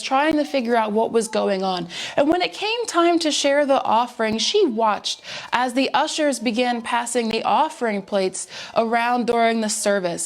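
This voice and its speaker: A woman telling jokes at a church service in a storytelling manner, with the occasional filler pause. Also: on the high side. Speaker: joke teller at a church service.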